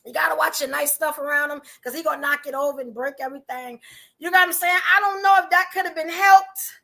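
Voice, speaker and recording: A woman's voice: high-pitched, fast talker, gravelly, sharp tone. A woman hosting a livestream, chatting casually with viewers, full of rhetorical questions and fillers. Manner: chatty, addresses chat viewers directly. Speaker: podcast host.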